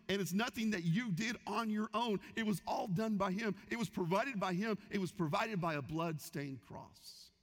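Middle aged guy preaching, acts out voices, kinda high pitched, big echoey hall. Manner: animated, acts out quoted voices. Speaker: pastor. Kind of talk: sermon with storytelling. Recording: hall reverb.

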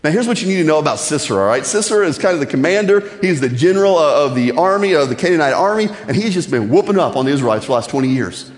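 A man preaching a sermon as pastor, talking in a conversational, joking way and telling stories with lively energy. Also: a little high, rapid-fire, hardly any pauses. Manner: conversational and joking, building to animated storytelling. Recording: echoey church hall.

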